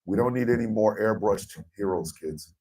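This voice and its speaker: A very deep-voiced American man hosts a morning radio show, talking in a blunt, impassioned rush. His words are heavily profane. He sits slightly back from the microphone. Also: moderate pace, a little mellow, recorded from a distance, poor audio. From United States.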